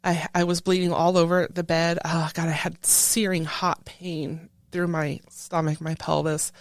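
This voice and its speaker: A woman who is a military veteran, telling a painful personal story in an interview in halting speech full of restarts. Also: fairly low pitch, little pitch movement, no echo. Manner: halting, with many restarts, recounting a painful memory. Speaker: veteran guest.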